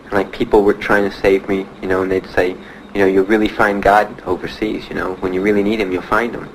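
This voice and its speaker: A young man, a veteran, telling his own story in plain, halting speech with many pauses. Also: low-pitched, level tone, a little hiss or hum, poor audio. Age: young adult. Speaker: Vietnam veteran giving testimony. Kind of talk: personal testimony.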